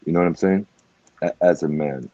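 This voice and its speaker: A man's voice: low-pitched, a little fast, dark tone, no echo, highs cut off. A middle-aged man speaking as a guest in a candid, emotional conversation, blunt and swearing freely with lots of "you know.". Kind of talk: emotional casual talk.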